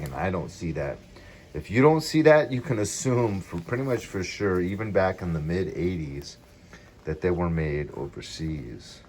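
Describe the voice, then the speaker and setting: A man's voice: low voice, slight background noise. A middle-aged man casually reviewing gear in a vlog, rambling and drifting off on tangents.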